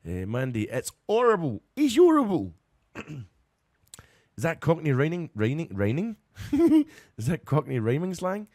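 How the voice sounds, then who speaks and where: A man's voice: on the high side, sing-song, takes it slowly, long pauses, dark tone, dry recording, clean studio sound. A Scottish man hosting a live radio stream in casual, rambling chat, often breaking into giggles, and a little tired. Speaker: radio show host.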